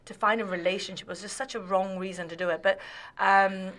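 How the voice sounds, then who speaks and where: A woman from Australia, a podcast guest, telling a personal story in casual chat, animated and laughing, often restarting her sentences. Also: medium pitch, a little fast.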